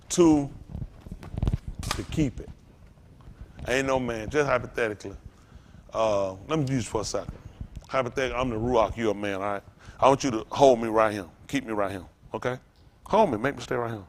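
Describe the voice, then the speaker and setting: This pastor speaks at medium pitch, briskly, with frequent pauses and a faint hiss or hum in the recording. His sermon is animated and full of personal stories told in casual, everyday language.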